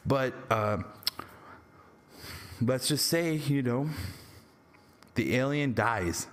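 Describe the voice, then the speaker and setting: A young Canadian man talking casually through a movie review with spoilers, rambling and excitable, swearing freely and laughing often. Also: on the low side, normal speed.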